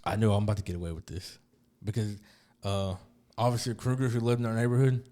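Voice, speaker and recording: A man's voice: lowish voice, level tone, quick pace, warm tone. A young man co-hosting a casual podcast, telling a story about a police stop, swearing freely and acting out both sides. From LaPorte area, US. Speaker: podcast host.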